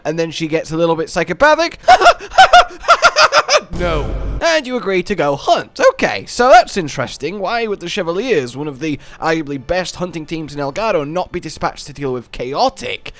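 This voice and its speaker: A man's voice: a little high, a little fast. A man hosting a gaming video, talking through game lore in a playful, jokey way. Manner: playful, jokey wordplay, animated.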